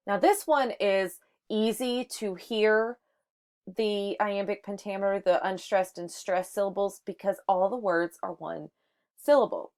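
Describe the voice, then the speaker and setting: In a microteaching lesson on sonnets, a woman with a mid-range voice explains poetry step by step at a slow pace. She uses a few fillers and restarts along the way.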